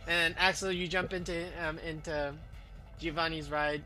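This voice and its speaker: A man's voice: on the high side, little pitch movement, normal speed, sharp tone, faint music behind. A man narrating as game master of a tabletop game in a rambling way, full of fillers and restarts.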